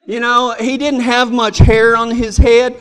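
A man's voice: very high voice, level tone, a little slow, smooth. A man telling a humorous personal story in a folksy, drawling way. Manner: folksy, drawling, self-amused.

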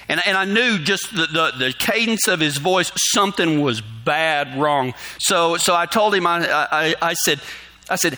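A middle-aged man, calling in to a radio show and telling a story in a halting, animated way, acting out the dialogue. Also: fairly high pitch. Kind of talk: casual storytelling.

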